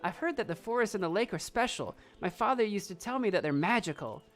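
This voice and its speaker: A woman's voice: mid-range voice, lively intonation, fast talker, faint music behind, close to an everyday voice. Woman reading an earnest young heroine. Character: young orphaned stepdaughter heroine, earnest and curious.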